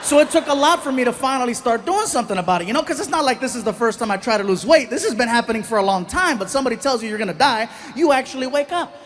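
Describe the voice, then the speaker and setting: A man with a strikingly high voice performs stand-up comedy on a live stage mic. He tells his stories in an animated way and slips into the voices of the people in them. A faint audience murmur sits behind him. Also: very fast, few pauses, slight background noise. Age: 30s. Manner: animated storytelling, acts out other people's voices.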